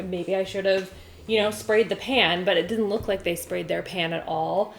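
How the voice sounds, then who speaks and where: Brief: pregnant young woman, casual cooking vlog, chatty and self-mocking, mid pitch, kitchen camera. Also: gravelly, a little mellow. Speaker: cooking vlogger. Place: home kitchen. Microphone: camera on a stand.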